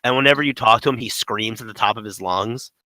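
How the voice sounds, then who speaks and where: A man's voice: fairly low pitch, brisk, pushed and bright, poor audio. A man co-hosting a casual gaming podcast, rambling with lots of "like" and "um". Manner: rambling, full of "like" and "um". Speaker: podcast co-host.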